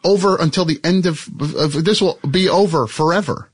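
A man's voice: fairly high pitch, moderate pace, breathy edge, no room sound. A man hosting a talk show, teasing his guest and pressing him again and again to admit something, in casual joking chat. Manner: teasing, insistent, repeats himself. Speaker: host.

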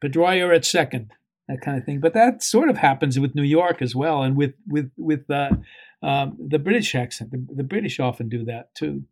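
Halting male actor guest. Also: medium pitch, expressive, darkish tone. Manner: halting, lots of fillers. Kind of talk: conversational interview.

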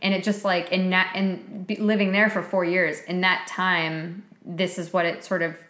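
A woman's voice: on the low side, little pitch movement, normal speed, a bit bright. Woman podcast co-host, casual and chatty, drops swears, echoey room. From Massachusetts South Shore. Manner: chatty, quotes characters in put-on voices, swears. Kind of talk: casual chat.

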